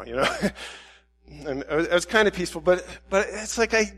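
Animated male pastor telling a story. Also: high-pitched, a little fast, breathy edge, big-room sound. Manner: animated, self-deprecating anecdote with many restarts. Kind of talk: storytelling sermon.

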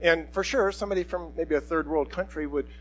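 A middle-aged man preaching a sermon, telling a personal story in a conversational, animated way. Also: a little high, fairly quick, rough recording. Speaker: pastor.

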